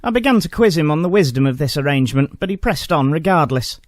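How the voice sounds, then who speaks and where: A man's voice: a little high, animated, fast talker, dry recording, studio quality, lightly acted. A man voicing a prim, indignant mother who complains to a shop clerk and slips into swearing. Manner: indignant, genteel then sweary.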